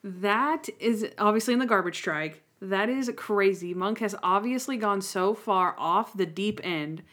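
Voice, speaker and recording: A woman co-hosting a podcast in casual chat, recapping quickly and enthusiastically. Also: medium pitch, fairly bright tone. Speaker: podcast co-host.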